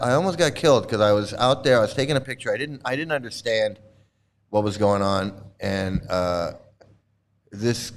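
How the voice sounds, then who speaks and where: Rambling man chatting casually on a livestream. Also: on the low side. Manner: rambling, halting, many fillers and restarts, laughs often. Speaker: livestream host. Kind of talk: casual chat showing old photos to a live chat.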